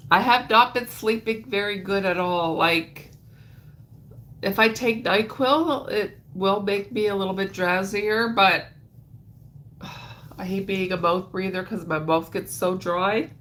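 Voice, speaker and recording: A woman's voice: mid-range voice, slow pace, fairly bright tone, slight background noise. A woman hosting a crochet livestream, chatting casually in a rambling way and greeting viewers by name, her voice stuffed up and nasal.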